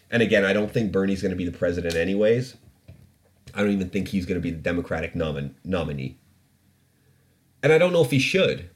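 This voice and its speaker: A man with a very low voice holds forth as the host of a studio podcast. He rants about the news in a loose, opinionated way, swearing freely and laughing at his own points. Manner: ranting, profane and opinionated, with frequent laughs. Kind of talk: casual solo podcast commentary.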